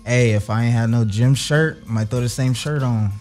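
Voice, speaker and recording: A man's voice: mid-range voice, normal speed, darkish tone, faint music behind. Male guest for casual radio banter, laid-back and blunt, slangy.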